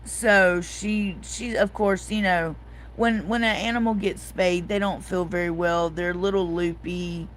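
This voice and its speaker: Slow-talking woman hosting a chat. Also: lowish voice, fairly even intonation, a little hiss or hum, poor audio. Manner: chatty storytelling, reading viewer comments aloud. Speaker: host. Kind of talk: casual livestream chat.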